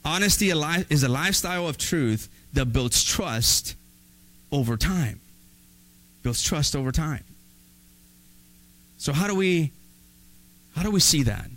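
A male pastor preaching a sermon in an animated, conversational way with playful asides. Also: fairly high pitch, a little slow, pauses often, poor audio.

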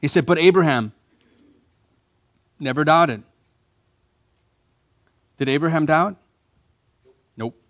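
A man preaching a sermon as a pastor in a church, emphatic, repeating key phrases and rising to louder bursts. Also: a little high.

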